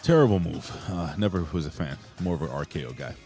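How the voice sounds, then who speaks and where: Man, podcast co-host, low voice, lively pitch, jokey, profane, faint music behind. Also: quick pace. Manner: loud, jokey, swears, shouts out viewers. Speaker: podcast co-host reading chat. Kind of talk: casual wrestling podcast chat.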